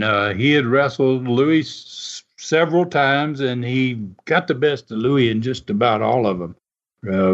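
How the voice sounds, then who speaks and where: A man casually telling an animated, folksy story and chuckling often as he goes. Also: mid-range voice. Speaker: storyteller recalling wrestling TV. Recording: dull lo-fi sound.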